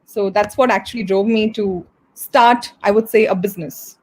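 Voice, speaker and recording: A woman's voice: mid-range voice, fairly even intonation, normal speed, a little mellow. A woman in her thirties, a business founder and trainer, answering in a live online interview, earnest, with many fillers and restarts. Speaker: guest entrepreneur and trainer.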